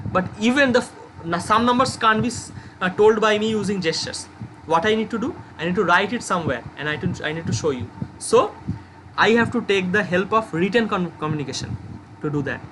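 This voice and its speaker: A young man with an Indian English accent teaching an online class, explaining with many "okay" checks and worked examples. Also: high voice. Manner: explains with repeated okays and supposed examples. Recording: background noise, passing vehicles.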